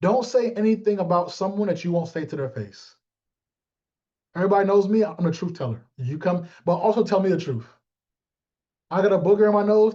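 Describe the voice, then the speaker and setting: High-voiced blunt motivational man, lo-fi. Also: a little fast, dark tone. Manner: blunt, joking, calls on listeners by name, acts out dialogue. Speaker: team leader coaching sales agents. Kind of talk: motivational talk to a live team.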